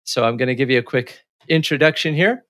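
A man hosting his podcast, upbeat and friendly, talking in quick bursts. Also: mid-range voice, fairly bright tone, dry recording, clean studio sound. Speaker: podcast host. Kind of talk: podcast hosting, casual chat.

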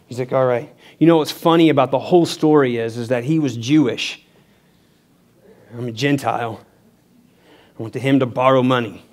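In a sermon delivered at normal speed with long pauses, a middle-aged pastor tells a personal story. He brings it to life by acting out voices with large pitch jumps.

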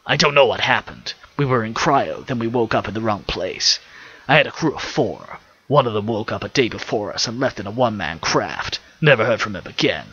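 Brief: man reading a weary, suspicious stranded officer for an audiobook, low and guarded, bright-edged voice on slightly dull audio. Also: breathy edge, exaggerated voice.

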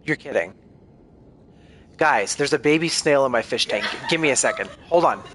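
A man's voice: medium pitch, normal speed, background noise. A young man, chatting casually to viewers while playing a game. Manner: chatty, excitable, talks to viewers as y'all. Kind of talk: casual gameplay commentary.

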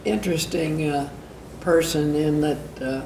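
An older woman reminiscing casually as an interview guest, telling stories in an unhurried way with many fillers and soft laughs. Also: low voice. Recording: roomy, distant, noisy archival interview.

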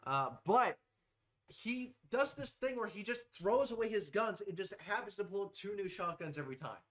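Brash young male host, swears nonstop, mock-tough comedic rant, slightly high pitch. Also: animated, moderate pace, a bit bright. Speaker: host ranking game characters. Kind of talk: profane comedic tier-list rant.

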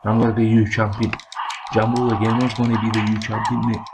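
A young Scottish gaming host talks a little fast in a lowish, level voice, giving sweary, rowdy commentary during a boxing game let's play. Loud gameplay and clicking noises play in the background.

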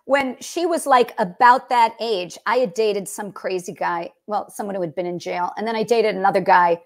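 A woman's voice: mid-range voice, moderate pace. A middle-aged woman, a guest comedian, telling rambling stories on a casual podcast and acting out the quotes of the people in them. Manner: rambling storyteller who acts out quotes.

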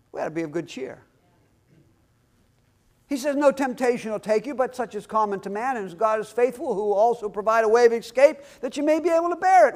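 A man's voice: extremely high pitch, animated, brisk, a little mellow. A male pastor preaching a sermon, emphatic, with call-and-response questions to the congregation. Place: church.

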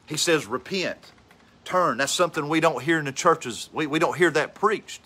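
A man's voice: on the high side, normal speed, bright, forceful tone, slightly rough, poor audio. A man preaching with fervor, repeating phrases and building to emphatic peaks. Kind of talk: impassioned outdoor sermon.

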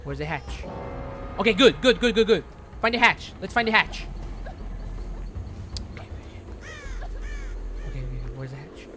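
A man whose first language is Spanish, streaming a game live in English, swinging between excited shouts and quiet muttering, swearing and repeating phrases. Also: high voice, fairly quick, music in the background. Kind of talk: live gameplay commentary.

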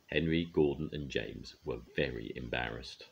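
An older man reading a children's story aloud with an expressive, lively delivery. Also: rumbling low, normal speed, creaky, few pauses. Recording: dull lo-fi recording.

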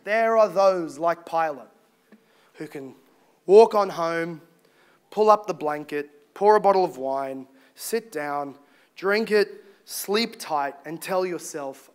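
A male pastor preaching a sermon in an animated way, with humorous asides. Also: a little high, slow, smooth. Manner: animated, joking asides, acts out quotes.

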